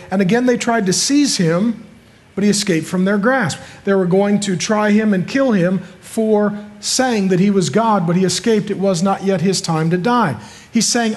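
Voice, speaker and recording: Pastor guy preaching, kinda high voice, hammers points home, asks the crowd questions. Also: normal speed. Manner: emphatic, repeats points with rhetorical questions. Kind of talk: sermon.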